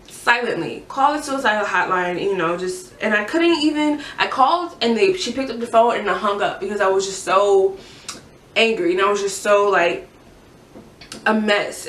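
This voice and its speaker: A young woman telling her own story in a halting, earnest way, restarting her sentences often. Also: medium pitch, fairly bright tone, a little hiss or hum. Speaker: vlogger sharing a personal story. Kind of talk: candid personal testimony. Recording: echoey room, mic at a distance.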